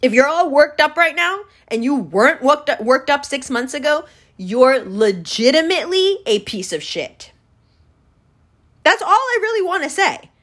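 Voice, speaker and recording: A woman's voice: high-pitched, very animated, normal speed, a bit bright. A woman hosting a solo podcast, ranting in a heated, sarcastic and profane way. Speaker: podcast host.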